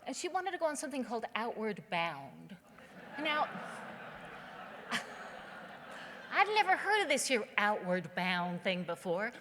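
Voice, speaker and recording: A woman from southern West Virginia gives a keynote speech on a theater stage, her voice a little high and fairly bright. She's a humorous, conversational storyteller, and the recording carries a long hall reverb.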